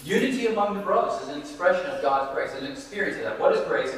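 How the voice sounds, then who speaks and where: A man preaching in an earnest, conversational way, returning to his key phrases for emphasis. His voice sits a little high for a man. The recording is distant, with a long echo ringing through a big hall. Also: animated, fast, few pauses, fairly bright tone. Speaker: pastor. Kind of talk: sermon. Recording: echoey hall, voice picked up from afar.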